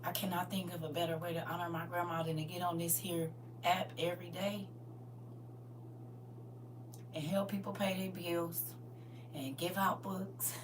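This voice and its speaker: A woman ministering on a livestream, emotional and close to tears, swinging from loud preaching to soft near-whispers and calling listeners honey and y'all. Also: lowish voice, distant mic, noisy background. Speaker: online minister and livestream host.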